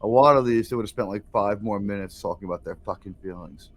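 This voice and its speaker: A man's voice: on the low side, quick pace. Blunt, profane man hosting a reaction chat. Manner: blunt, profane, laughs often. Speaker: host.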